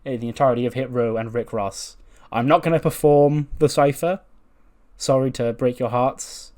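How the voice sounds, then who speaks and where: A man's voice: medium pitch, steady tone, a little mellow. A man narrating a wrestling management game run, telling the story and acting out the wrestlers' lines. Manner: storytelling, acts out wrestlers' lines in quick voices. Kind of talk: narrating a wrestling sim playthrough.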